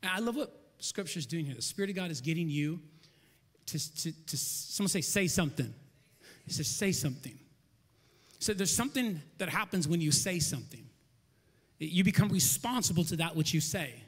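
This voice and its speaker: A man preaching a sermon in a high, ringing voice, piling up repeated phrases and swinging between loud emphasis and hushed near-whispers. His words hang in the long reverb of a large church auditorium. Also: expressive, fairly quick. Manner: repeats phrases in rhythmic lists. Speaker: pastor.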